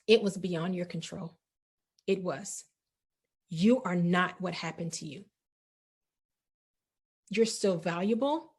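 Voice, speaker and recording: A woman's voice: lowish voice, fairly even intonation, slow, pauses often, a little mellow, breathy edge. A middle-aged woman hosting a faith-based wellness talk, earnest and encouraging, repeating reassurances and sounding emotional. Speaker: host.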